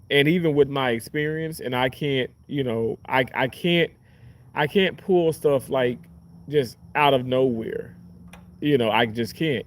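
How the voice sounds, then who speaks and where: Casual storyteller: young guy, surgical tech, lively and profane, mid-pitched everyday voice. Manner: animated, chatty, swears casually.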